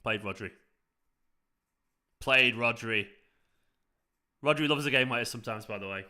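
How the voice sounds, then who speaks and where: Give me a young man, mid-pitched and bright, chatting through a football watchalong. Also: normal speed. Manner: chatty, reacts to play and greets viewers by name. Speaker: fan channel host. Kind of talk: live match watchalong commentary, reading chat.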